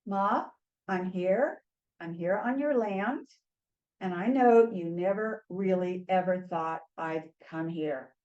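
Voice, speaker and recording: A woman's voice: on the low side, takes it slowly, a little mellow, highs cut off. A woman lecturer voicing an elderly woman who speaks heartfelt words to her late mother. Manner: heartfelt, direct address.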